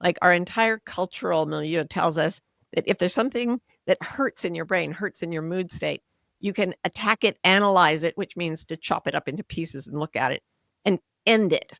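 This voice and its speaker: Gravelly, low-pitched woman in her sixties. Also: moderate pace, dry recording, studio quality. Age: 60s. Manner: earnest, explanatory, softens voice when modeling kindness. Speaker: author and coach, podcast guest. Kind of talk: conversational interview.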